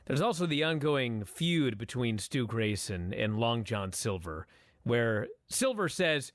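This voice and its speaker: A man's voice: mid-range voice, unhurried, dry recording, clean studio sound. A man co-hosting a podcast in casual chat, swearing freely and giving blunt opinions. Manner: profane, opinionated, animated. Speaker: podcast co-host. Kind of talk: casual chat, wrestling review.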